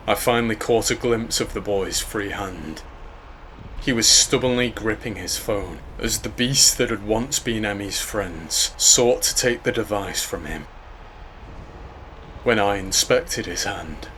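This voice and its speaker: A man reading a scripted horror story in a measured, grave way. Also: on the low side, fairly bright tone, slight background noise. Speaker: narrator.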